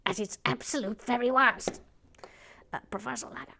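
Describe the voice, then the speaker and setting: A woman's voice: on the high side, steady tone, normal speed, creaky, noisy background. A woman co-hosting a LEGO stream, reading out trivia in a dry, matter-of-fact way with wry asides. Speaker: co-host sharing LEGO trivia. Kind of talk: casual chat with read-out facts.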